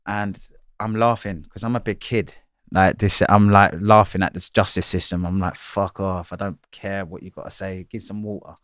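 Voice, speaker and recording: Male, low and even delivery, candid storyteller, swears freely, dry close recording. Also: no room sound. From London. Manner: blunt, swearing, slangy, repeats himself. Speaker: interviewee.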